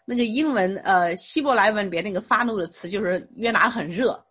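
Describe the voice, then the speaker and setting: Husky woman interpreting a sermon. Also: mid-range voice, brisk. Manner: steady, rephrases with small fillers.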